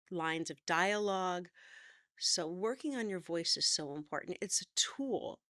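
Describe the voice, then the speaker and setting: A middle-aged woman acting teacher explaining voice work in a relaxed, conversational way. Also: on the low side, no room sound, studio quality. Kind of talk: talking to camera, teaching.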